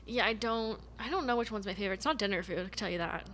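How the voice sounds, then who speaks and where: A woman co-hosting a podcast in casual chat, talking quickly to get her words out. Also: medium pitch, a bit bright, slight background noise. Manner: talks fast, rushes to get words out. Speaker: podcast co-host.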